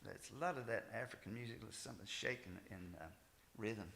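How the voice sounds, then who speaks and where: An older man, a folk musician, talking casually and haltingly at a music gathering, with many fillers and restarts. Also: on the low side, creaky, very noisy. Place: music festival stage, roomy hall. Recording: roomy hall with instrument playing.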